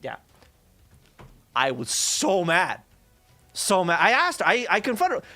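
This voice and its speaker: A high-voiced man streams and tells a story in relaxed, profane, energetic chat, mimicking the people he describes. He talks a little slowly, leaving long pauses.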